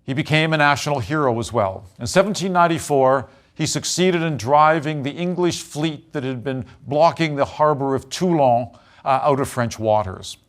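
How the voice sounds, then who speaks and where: Measured male history lecturer. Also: fairly high pitch. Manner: measured, with frequent uh fillers.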